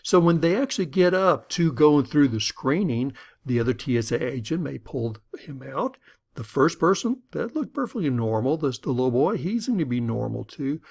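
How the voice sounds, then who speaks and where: A man's voice: mid-range voice, sing-song, moderate pace, creaky, darkish tone, breathy edge. A middle-aged man teaching a lesson in a conversational storytelling way, sometimes acting out the people in his stories. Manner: conversational, storytelling, acts out quoted voices. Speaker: instructor. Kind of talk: lecture with an acted-out story.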